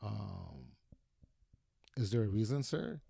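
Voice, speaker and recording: A man voicing a polite Southern party hostess who talks quietly and hesitantly. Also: fairly low pitch, big pitch swings, slow, vocal fry, husky, no echo, studio quality, full character voice.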